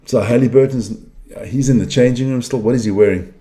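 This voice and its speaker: This middle-aged fan commentator speaks at medium pitch with a dark tone and a slightly fast pace. Watching a basketball game live, he reacts with blunt frustration and curses at the bad plays.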